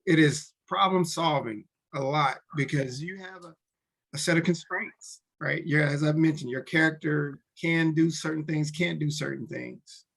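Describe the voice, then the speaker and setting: Speaking at a moderate pace, a man with a high-leaning, creaky, fairly bright voice and a steady tone walks through tabletop game rules as a podcast co-host. The chat is casual, and he often starts sentences over and slips into short character lines.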